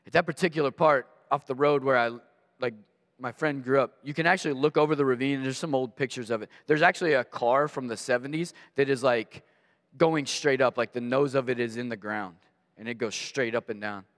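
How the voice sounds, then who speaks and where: Male guest preacher, mid-pitched, lively storyteller, big hall reverb. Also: brisk. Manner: animated storyteller, acts out voices in anecdotes. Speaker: guest pastor. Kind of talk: storytelling sermon. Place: church sanctuary. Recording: long reverb of a large hall.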